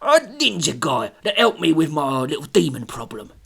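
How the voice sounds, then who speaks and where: A man doing a loud, chummy London landlord. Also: fairly high pitch, sing-song, moderate pace, gravelly, breathy edge, heavily acted. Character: brash male London pub landlord, eager to help.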